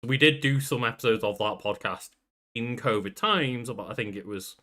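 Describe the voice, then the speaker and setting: A man's voice: mid-range voice, lively intonation, moderate pace, a bit bright. A man co-hosting a casual podcast, chatty, laughing often and swearing offhand. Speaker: podcast co-host. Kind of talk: casual chat.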